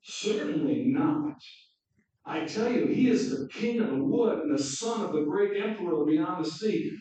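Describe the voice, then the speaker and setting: A man voicing an excitable male talking beaver in a storybook reading, with emphatic, booming exclamations, recorded from afar in an echoey hall. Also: unhurried. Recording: dull echoey hall from far off.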